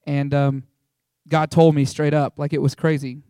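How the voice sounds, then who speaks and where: A young man giving an informal, rambling testimony to a small church, excitable and full of fillers and restarts. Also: a little high, normal speed, smooth, dry recording, clean studio sound. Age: young adult.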